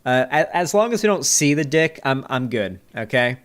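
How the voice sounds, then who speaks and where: Man, streamer, casual reaction commentary, rambling, crude jokes, lots of filler words, mid pitch, desk mic. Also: big pitch swings, moderate pace, a bit bright, clean tone. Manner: rambling, joking, heavy on fillers and swearing. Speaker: streamer reviewing a debate.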